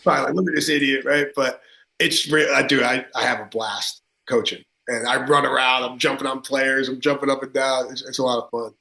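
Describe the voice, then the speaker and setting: A man with a tri-state accent talks in an emphatic, energetic run with many fillers, answering questions as a football coach. His middle-pitched voice rings in a roomy, echoing space. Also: brisk, gravelly. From Connecticut. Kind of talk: podcast interview. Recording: roomy echo.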